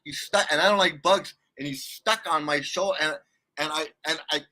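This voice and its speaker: A man's voice: on the high side, normal speed, pushed and bright. A middle-aged man telling a rambling travel story in casual chat, laughing often and restarting his sentences.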